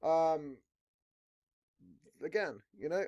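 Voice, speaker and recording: A man's voice: fairly high pitch, lively intonation, moderate pace, a little mellow. A man hosting a podcast, swearing constantly and talking in a rambling, blunt, casual way. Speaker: podcast host.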